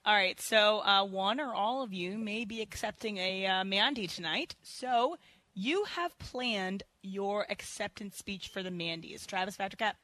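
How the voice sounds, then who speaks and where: A woman joining a sports radio chat, brisk and upbeat. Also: mid-range voice, pushed and bright, dry recording.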